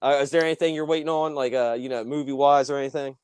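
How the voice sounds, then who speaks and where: A man's voice: mid-range voice, steady tone, fast, darkish tone, clean tone, no room sound. A man co-hosting a casual chat show, rambling and laid-back with lots of fillers. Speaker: podcast co-host.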